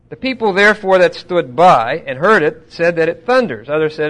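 A man teaching a Bible study in a conversational way, asking his listeners questions and getting louder when he quotes scripture. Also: a little high, animated, normal speed, hardly any pauses. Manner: asks the audience questions.

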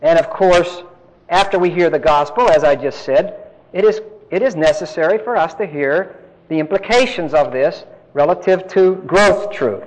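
A man's voice: on the high side, normal speed, big-room sound, poor audio. A man giving an emphatic Bible-teaching lecture, putting questions to his listeners as he explains. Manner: emphatic, asks the class questions.

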